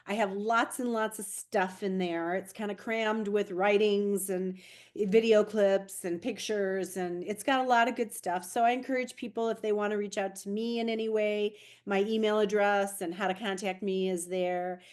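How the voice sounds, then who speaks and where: A woman author speaks as a guest on a podcast. She sounds casual and informal, with plain, friendly wording. Her voice sits at a middle pitch for a woman. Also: steady tone, moderate pace. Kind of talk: casual conversation.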